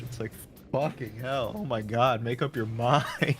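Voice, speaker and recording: A man's voice: mid-range voice, steady tone, unhurried, few pauses. A man chatting casually on a live stream, swearing freely and laughing often. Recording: music playing loudly behind.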